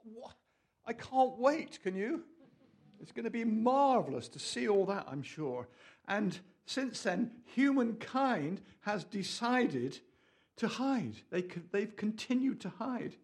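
A man preaching a lively, jokey sermon, with asides to his audience. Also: high voice. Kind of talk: lively sermon to a small group.

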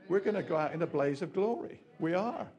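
A man preaching a sermon in an animated, rambling way, full of asides and questions to the audience. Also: a little high, fairly quick, lo-fi sound.

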